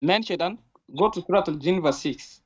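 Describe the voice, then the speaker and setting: A man calling in to a debate show, insistent and arguing back, reading verses slowly. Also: high voice. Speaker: caller. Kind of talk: call-in debate. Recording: dull phone line.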